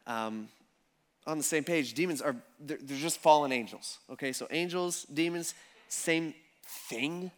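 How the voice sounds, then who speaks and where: A man preaching a sermon as pastor, telling the story in a casual, animated way with slang. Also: fairly high pitch.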